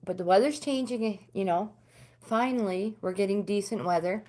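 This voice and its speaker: A middle-aged American woman hosting a casual livestream, chatting with viewers and answering their comments. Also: moderate pace. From United States. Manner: chatty, talks back to comments, pitch swings up when animated. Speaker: livestream host.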